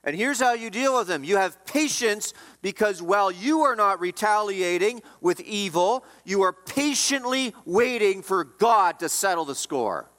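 A man preaching a sermon as pastor, emphatic, his voice swinging between loud rises and quiet drops. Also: lively intonation, a little slow, hardly any pauses, in a large hall. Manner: emphatic preaching, rising and dropping in pitch and volume.

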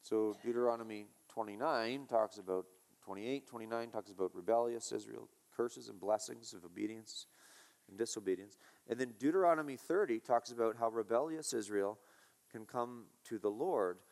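A man's voice: on the low side, normal speed, gravelly, darkish tone. A male pastor preaching a sermon, emphatic and repetitive, asking his listeners rhetorical questions.

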